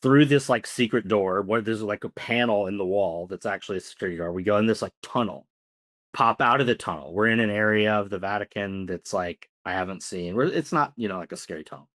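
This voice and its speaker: A man's voice: fairly low pitch, brisk, fairly bright tone. A man co-hosting a podcast, telling a long story casually with many fillers. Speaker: podcast co-host.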